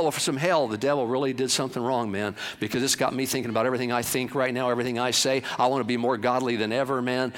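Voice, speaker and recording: A male pastor preaching a sermon, swinging from emphatic to hushed. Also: medium pitch, quick pace.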